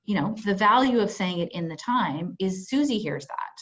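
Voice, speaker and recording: A woman's voice: medium pitch, animated, normal speed. Chatty woman trainer on a lo-fi call. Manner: conversational, filler-heavy, acts out example dialogue. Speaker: workplace conflict trainer. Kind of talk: webinar presentation. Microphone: video call.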